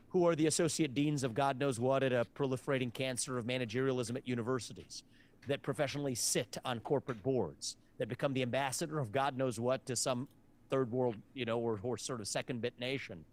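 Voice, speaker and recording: A man speaking as a political candidate, giving measured, assertive interview answers in a clip. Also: medium pitch.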